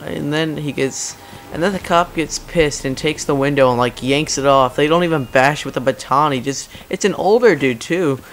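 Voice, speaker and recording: A man's voice: normal speed, a little hiss or hum. A young man chatting casually over gameplay, telling stories in a rambling way and acting out the people in them. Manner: rambling storytelling, acts out quotes in loud high voices. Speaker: gaming commentator.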